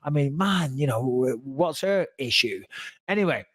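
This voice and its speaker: A man's voice: mid-range voice, moderate pace, no room sound. A man, telling a story casually on a podcast and acting out the people he quotes. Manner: animated, acts out quoted dialogue.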